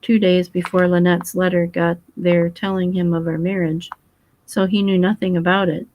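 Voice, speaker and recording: A woman's voice: on the low side, flat delivery, moderate pace, a little mellow, natural voice, rough recording. A woman voicing an earnest, boyish young English husband who talks frankly and eagerly.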